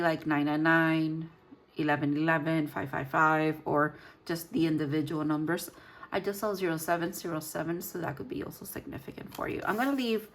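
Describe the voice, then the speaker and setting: A woman giving a casual tarot reading, rambling and searching for her words with frequent fillers. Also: on the low side. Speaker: tarot reader.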